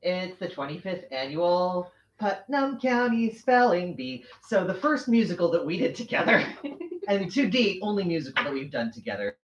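A host chatting casually on a livestream while sewing, rambling and correcting themself, quick to laugh. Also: mid-range voice, very animated. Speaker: stream host. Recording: roomy, muffled home stream audio.

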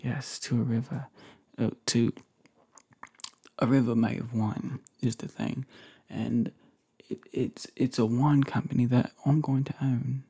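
Man, put-on London accent, whispered role-play, gravelly, husky, flirty, close mic. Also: mid-range voice, fairly even intonation, measured pace. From United States. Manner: playful, flirty, rambling, soft-spoken. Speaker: ASMR creator.

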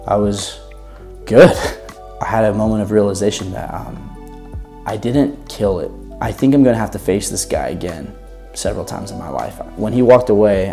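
A man's voice: lowish voice, mellow. A young man telling an emotional first-person story in an earnest, confessional way, swearing now and then. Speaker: vlogger recounting a personal experience.

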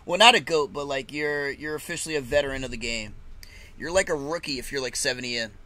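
A man's voice: medium pitch, fast, pushed and bright. A man casually chatting and laughing as he reacts live to a fight card, with loose, swearing banter.

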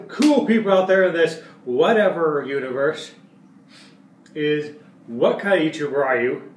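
A male vlogger talking casually to camera in a playful way, jumping between loud outbursts and quiet asides. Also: fairly high pitch, expressive, a little slow, pauses often, recorded from a distance. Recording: echoey room, away from mic.

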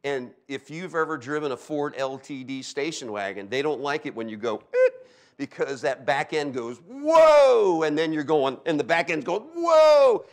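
A man's voice: medium pitch, fairly quick, few pauses. A middle-aged man from Delaware preaching a sermon as a pastor, telling stories with sound effects and frequent "okay?" asides. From Delaware, USA.

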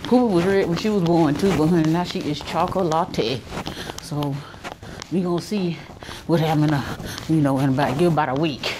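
Speaking in a deep voice at normal speed, a worn-out middle-aged woman with an Alabama Southern US accent vlogs casually while walking indoors through hospital corridors and rooms. She's tired but chatty, addressing viewers straight on, recorded by handheld phone with noisy hospital sounds around her.

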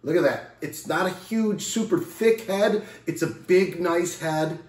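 A man's voice: high-pitched, unhurried, roomy sound. A man casually reviewing a beer on camera, rambling and self-correcting with playful jokes. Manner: playful sound effects and jokes.

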